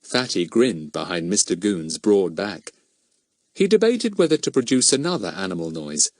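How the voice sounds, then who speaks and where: A man reads a children's mystery audiobook aloud in an animated storytelling style. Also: low-pitched, moderate pace, dry recording. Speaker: audiobook narrator. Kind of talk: scripted narration.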